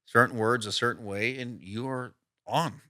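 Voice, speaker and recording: A podcast co-host with a mid-range, bright, forceful voice tells stories at a moderate pace in studio-quality audio with no room sound. The chat is loose and casual, rambling along with heavy fillers and trailing asides.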